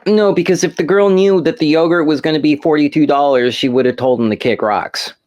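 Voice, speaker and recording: A man's voice: fairly high pitch, a little fast, a little mellow, dull audio. Man, host, rambling storyteller, casual chat, repeats himself.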